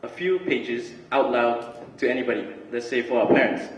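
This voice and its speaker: A young man giving a relaxed, chatty student talk with lots of fillers and restarts. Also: medium pitch, moderate pace, slight background noise. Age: young adult. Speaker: student speaker. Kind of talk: casual student talk and spoken word. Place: large hall. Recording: roomy hall recording from far off.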